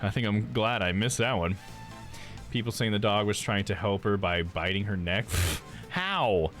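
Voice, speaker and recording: A man's voice: on the low side, expressive, unhurried, a bit bright, soft background music. A male streamer chatting casually while he plays a game, laughing often and calling people "dude".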